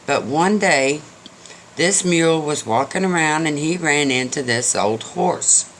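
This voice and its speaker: A man's voice: fairly high pitch, animated, a little slow, a bit bright, slight background noise. An older man telling a folksy story to the camera in a chatty, joking way. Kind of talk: casual storytelling.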